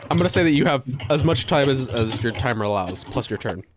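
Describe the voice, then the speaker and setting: A man's voice: mid-range voice, expressive, fast, slight background noise. A man acting as game master, narrating in a loose, hesitant way with many fillers. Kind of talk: running a tabletop game.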